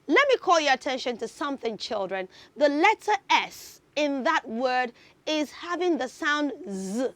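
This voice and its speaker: A woman's voice: high-pitched, very animated, unhurried, fairly bright tone, no room sound. A woman hosting a children's TV lesson, upbeat and coaxing like a teacher. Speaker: children's TV host. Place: TV studio.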